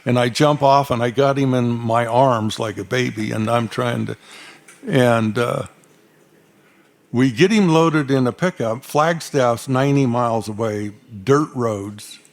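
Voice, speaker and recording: A man's voice: mid-range voice, unhurried. An older man from Arizona, telling cowboy stories onstage in a folksy, dry-humored drawl. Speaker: cowboy storyteller. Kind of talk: onstage storytelling. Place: stage before a live audience.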